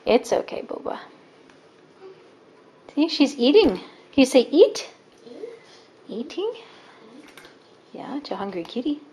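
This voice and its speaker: A mother chats behind a handheld home camera in a lively, bouncing voice that sits a little on the high side. She coaxes her child and a cat in a gentle sing-song, with a faint hiss behind her. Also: unhurried, pauses often, rough recording. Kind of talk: home video narration. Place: at home with a couch.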